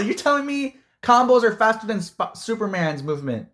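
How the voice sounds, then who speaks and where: A man's voice: high voice, sing-song, fairly quick, fairly bright tone. A man giving a casual, heated movie-review rant, rambling and full of fillers like "like" and "dude".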